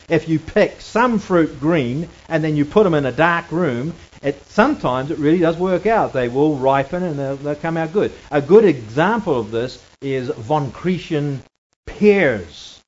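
A man teaching through scripture in a conversational sermon, emphatic and swinging between loud and hushed. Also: on the high side, expressive, unhurried. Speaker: Bible teacher. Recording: dull lo-fi recording.

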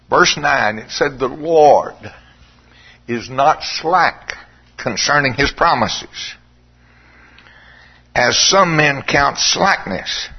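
A man preaching a sermon in a dramatic, drawn-out way, sometimes dropping to a hushed, pleading tone. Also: a little high, slightly rough. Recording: dull lo-fi sermon recording.

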